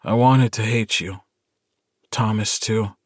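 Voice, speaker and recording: A calm, earnest young werewolf alpha, voiced by a man reading an audiobook. He speaks low and unhurried, quietly firm and steady. The sound is dry and close to the mic. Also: no echo.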